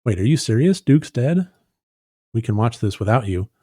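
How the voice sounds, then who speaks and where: A man voicing a sulky young adult daughter who talks in a flat, exasperated way. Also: medium pitch, moderate pace, breathy edge. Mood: shocked.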